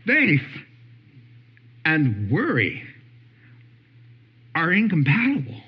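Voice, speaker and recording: A man preaching with a slightly high, lively voice that climbs when he acts out anxious voices. The sound is dull and lo-fi, as if from a radio broadcast. He talks in a conversational, teaching way and keeps asking "right?". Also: extremely slow, breathy edge. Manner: animated, acts out worried voices, chuckles between points. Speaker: pastor. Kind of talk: sermon.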